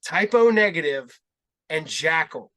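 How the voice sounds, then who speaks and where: Bright high-voiced man telling stories. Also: a little slow. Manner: rambling, animated, laughs through his stories. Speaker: podcast host. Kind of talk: casual storytelling chat.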